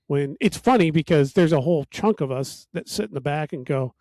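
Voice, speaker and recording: A man's voice: on the high side, quick pace, few pauses, a little mellow, no echo. A man hosting a casual podcast chat, telling stories in a wry, sardonic way. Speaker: podcast host.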